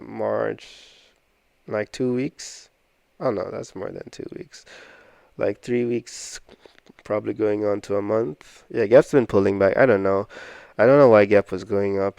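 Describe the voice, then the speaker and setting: A man's voice: lowish voice, vocal fry, a little mellow, smooth, dry recording. A man casually walking through his stock portfolio, rambling and self-deprecating as he thinks aloud. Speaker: investing vlogger.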